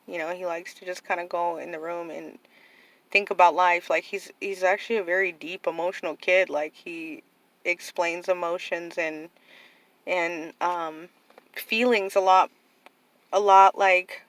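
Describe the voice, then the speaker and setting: A woman's voice: on the low side, fairly bright tone, dry recording, low-quality recording. A young adult woman casually telling a personal story to her viewers, rambling and full of "like" and "you know". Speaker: vlogger telling about her nephew.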